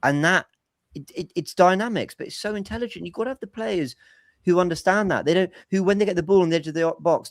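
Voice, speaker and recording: A man's voice: a little high, expressive, quick pace, no echo, clean studio sound. A man hosting a casual football podcast over a remote call, talking analytically and explaining tactics at length. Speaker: podcast host.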